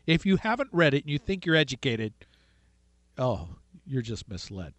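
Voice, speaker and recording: A man hosting a call-in radio talk show, retelling a story with animated delivery and acted-out voices. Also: mid-range voice, moderate pace, no echo.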